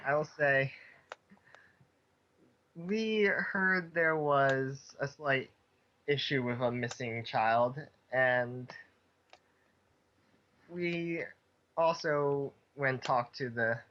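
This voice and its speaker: A man's voice: mid-range voice, very slow, pauses often, pushed and bright, muffled recording, slight background noise. A man playing his character in a tabletop game, talking earnestly and persuasively. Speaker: player.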